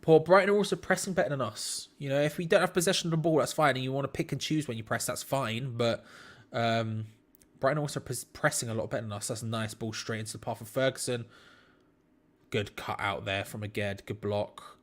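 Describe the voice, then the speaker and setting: A man's voice: mid-range voice, brisk. A man hosting a live football watch-along, commenting on play to his chat in disbelief and laughing at bad defending.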